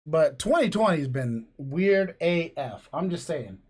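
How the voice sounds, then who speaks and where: A man's voice: fairly high pitch, expressive, unhurried, darkish tone, husky. A middle-aged man hosting a podcast from his home, telling long, profane, rambling stories in casual chat. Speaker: podcast host. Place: home room apart from co-host.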